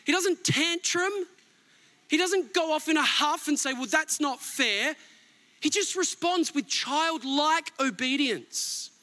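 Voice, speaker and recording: A middle-aged pastor preaching a sermon with emphatic swings between near-shouts and soft asides. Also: male voice, very high-pitched, measured pace.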